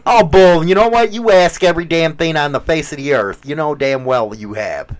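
A radio host with a Chicago accent, bantering in a brash, crude, teasing way. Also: male voice, on the high side, moderate pace.

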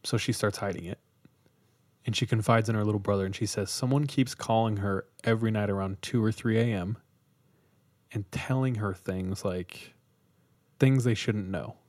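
A man's voice: fairly low pitch, normal speed, darkish tone, no echo. A man hosting a podcast, casually retelling a creepy story with quoted voices and easy jokes. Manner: laid-back, jokey, tells stories with quoted voices. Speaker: podcast host.

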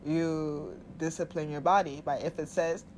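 A woman's voice: sits low, fairly even intonation, measured pace, darkish tone, slight background noise. A woman giving casual spiritual self-help advice, blunt and profane, often laughing and acting out little voices. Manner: acts out quoted voices of body and soul.

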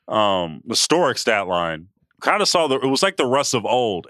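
A man's voice: lowish voice, pushed and bright, clean tone, dry recording, clean studio sound. A man co-hosting a sports podcast, chatting loosely and trailing off with fillers. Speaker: podcast co-host. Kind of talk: casual sports chat.

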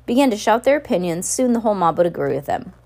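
A woman's voice: medium pitch, big pitch swings, fast talker, darkish tone. A woman reading as an earnest bookish boy. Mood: explaining.

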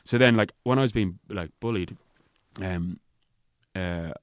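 A man's voice: low voice, unhurried, dry recording, studio quality. An Irish man telling a story in casual chat, rambling, swearing freely and filling his talk with "like". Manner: rambling, frequent swearing and filler "like"; animated retelling with voiced quotes. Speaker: guest.

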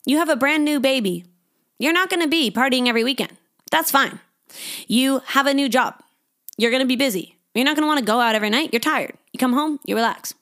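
A woman's voice: brisk, a bit bright. Chatty young woman podcaster, swearing freely. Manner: chatty, swears freely, acts out inner voices with rising pitch. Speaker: podcast host. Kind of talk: casual solo podcast monologue.

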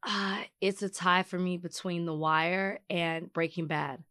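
A woman's voice: lowish voice, steady tone, measured pace, sharp tone, no room sound, studio quality. A woman co-hosting a podcast, talking casually while congested and sick. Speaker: podcast co-host. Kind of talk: casual chat.

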